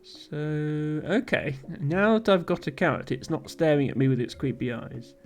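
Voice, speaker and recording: A man streams a game live, talking his way through it with lots of ums and small chuckles. His voice sits a bit high, with quiet game music running behind him. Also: lively intonation, moderate pace. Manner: thinking aloud, frequent ums and chuckles.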